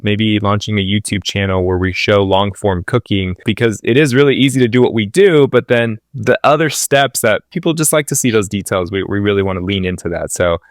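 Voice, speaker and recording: Male podcast guest, lower pitch, relaxed explainer, dry close-mic sound. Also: no room sound. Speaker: guest, company co-founder. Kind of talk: casual interview chat.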